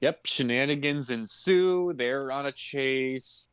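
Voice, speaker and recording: A man's voice: medium pitch, slow, fairly bright tone, clear, resonant tone, no room sound, studio quality. A man co-hosting a podcast, casually recapping a movie in a laid-back, joking way and laughing often. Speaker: podcast co-host.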